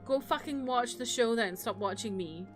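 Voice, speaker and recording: Young woman, gaming streamer, casual sarcastic chat, fairly high voice. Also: normal speed, soft background music. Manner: chatty and sarcastic, ranting with frequent laughs.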